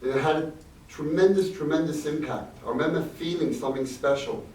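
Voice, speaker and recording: Here the rabbi's voice is a little high and fairly quick as he tells a warm, reflective story with Yiddish words to a crowd in an event hall. The sound is distant and echoey, with a faint layer of noise.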